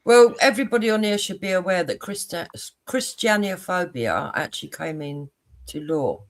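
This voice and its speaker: A blunt man hosting a live stream, arguing his point with a fairly high voice. He speaks casually and pushes back hard. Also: expressive, normal speed. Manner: blunt, argumentative.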